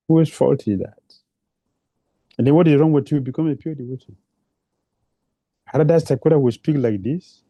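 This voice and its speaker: A man's voice: medium pitch, fairly quick, no echo, dull audio. A man giving a devotional lecture, repeating phrases for emphasis and asking rhetorical questions, in non-native English phrasing. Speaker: preacher.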